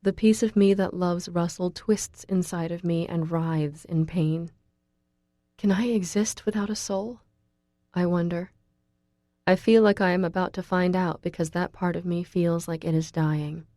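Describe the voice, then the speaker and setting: Woman reading audiobook, low mellow voice, dry close mic, gets pleading and emotional. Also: fairly even intonation, measured pace, no room sound. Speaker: audiobook narrator. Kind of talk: first-person audiobook narration.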